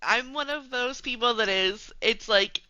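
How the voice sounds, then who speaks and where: A woman's voice: a little high, measured pace, noisy background. A woman hosting a podcast in a casual chat, giggling and laughing often. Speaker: podcast host. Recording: dull lo-fi dry sound.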